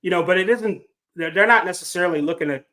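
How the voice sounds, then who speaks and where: A man hosting a casual sports podcast, his voice sitting a little higher than most men's. He talks in a wry, rambling way and pokes fun at himself. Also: fast, pushed and bright. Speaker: podcast host.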